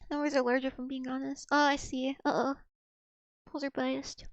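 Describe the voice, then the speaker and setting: This high-pitched young woman from the United States is a streamer talking casually on a livestream in a dry recording. Her chat wanders, with frequent restarts and giggling.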